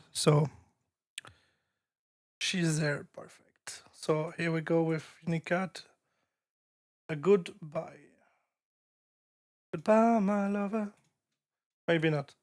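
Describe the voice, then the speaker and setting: A man hosting a livestream in a relaxed, slow, casual way, often a little away from the mic. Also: high-pitched. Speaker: livestream host.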